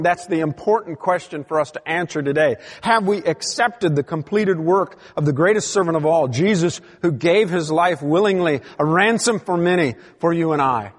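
A man's voice: on the high side, lively intonation, normal speed, few pauses, in a large hall. A man preaching a sermon, reading scripture aloud with emphatic rises and drops in his delivery. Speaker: pastor.

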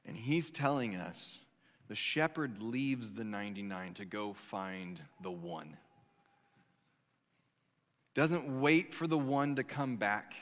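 A man's voice: on the low side, expressive, takes it slowly, pauses often, a bit bright. A man preaching a sermon as a pastor, telling stories in a loose, conversational way with frequent restarts. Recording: long hall reverb.

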